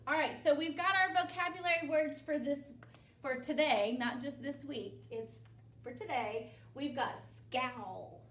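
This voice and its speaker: A woman teacher with a high, fairly bright voice leads a spelling lesson at normal speed. She's patient and instructive, asking "okay?" after each step. The room is echoey and she sounds distant from the mic.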